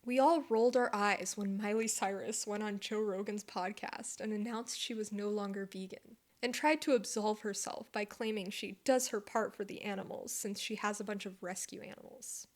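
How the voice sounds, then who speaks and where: A woman's voice: mid-range voice, steady tone, moderate pace, few pauses. A woman vlogger delivering scripted commentary, blunt and argumentative, swearing for emphasis.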